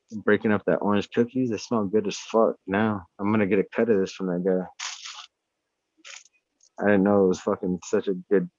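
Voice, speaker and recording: A man in casual chat, talking at home in a rambling, profane, animated way. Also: sits low, a little hiss or hum. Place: indoors at home. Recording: dull lo-fi sound.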